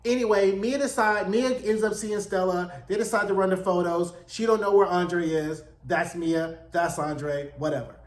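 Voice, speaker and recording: A man's voice: sits high, steady tone, moderate pace, hardly any pauses. A man hosting a casual TV episode recap, chatty and full of slang. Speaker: TV recap host. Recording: echoey room.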